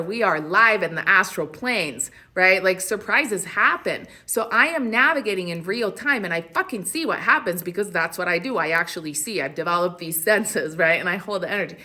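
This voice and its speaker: A woman hosting a spiritual livestream in loose, casual talk. She is blunt and animated, swears freely and breaks into laughs. Her voice is bright and forceful, at an ordinary pitch.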